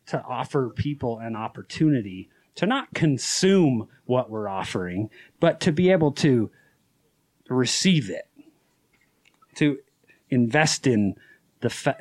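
A man from Utah, a farmer and podcast guest, telling stories in casual chat, animated and laughing often. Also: medium pitch, unhurried, pauses often, no room sound. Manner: animated, laughs often, acts out quoted voices. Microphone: podcast studio microphone.

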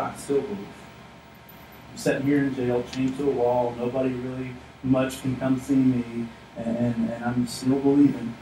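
A man's voice: medium pitch, dark tone, slight background noise. A man preaching a sermon as a pastor, emphatic and earnest, often speaking a biblical figure's lines in first person. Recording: echoey room, mic at a distance.

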